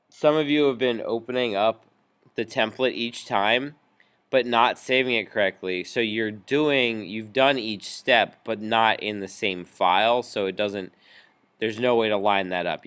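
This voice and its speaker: Guy with a lowish smooth voice walking students thru a music software tutorial, patient, lots of ums. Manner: patient, explains step by step with fillers. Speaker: music teacher. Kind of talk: screen-recorded software tutorial.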